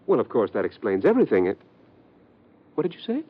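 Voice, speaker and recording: A man's voice: medium pitch, sing-song, a little fast. A dapper, fussy lawyer in an old radio drama, always in a hurry and dodging questions. His voice flutters up and down. The recording is dull and lo-fi. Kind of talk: 1950s radio drama acting.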